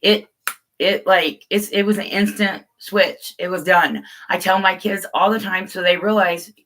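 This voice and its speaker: A woman's voice: medium pitch, steady tone, unhurried, a bit bright, poor audio. A middle-aged woman hosting a casual live chat, talking openly and loosely to her viewers and calling them guys. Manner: open, rambling, addresses viewers as guys. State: tearful at times. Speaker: livestream host.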